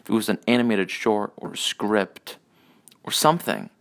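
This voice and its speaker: Male podcast host, low gravelly voice, meandering, cussing monologue. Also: animated, normal speed, a bit bright. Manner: rambling, profane, full of hesitations. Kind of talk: casual monologue rant.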